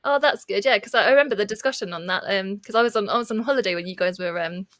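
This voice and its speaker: A woman's voice: medium pitch, rapid-fire, a bit bright, no room sound, clean studio sound. A woman co-hosting a book livestream, chatting casually with giggles and lots of fillers. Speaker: co-host of a reading livestream. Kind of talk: casual chat.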